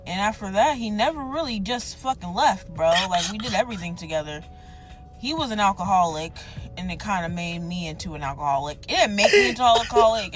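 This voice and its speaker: A woman telling a personal story in casual story-time style, blunt and rambling. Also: lowish voice. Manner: blunt, rambling, acts out quoted voices. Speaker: storyteller in a played clip.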